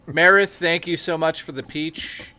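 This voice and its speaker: A man hosting a live stream, reading viewer donations aloud and adding quick joking asides. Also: fairly high pitch, sharp tone. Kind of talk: casual live-stream banter.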